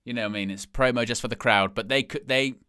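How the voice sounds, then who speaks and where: A man's voice: medium pitch, fast talker, bright, forceful tone, clean tone, dry recording, clean studio sound. A man hosting a live stream, giving casual watch-along commentary and thinking aloud as he talks.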